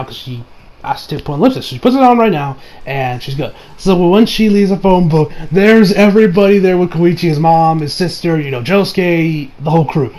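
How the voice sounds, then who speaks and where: A man's voice: fairly high pitch, animated, moderate pace, a little mellow. A man casually recapping an anime episode, rambling with laughs and joking asides. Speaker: anime reviewer.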